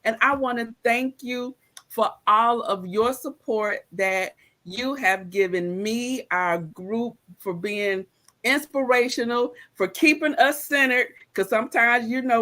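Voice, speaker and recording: Slow-talking, bright-voiced woman host. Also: fairly high pitch. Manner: warm, chatty, laughs often, slangy. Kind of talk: casual live-stream chat.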